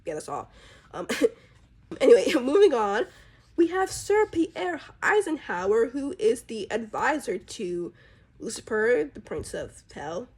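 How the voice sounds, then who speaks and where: Chatty, husky-voiced young woman. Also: a little high, very animated, a little slow, darkish tone. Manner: rambling, chatty, full of fillers. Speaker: artist presenting her characters. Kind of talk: casual chat.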